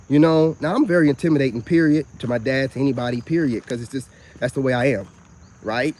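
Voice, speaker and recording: A man, rambling through a personal story in a casual, animated monologue. He keeps coming back to "you know what I'm saying". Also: medium pitch, fast talker. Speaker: self-styled spiritual vlogger.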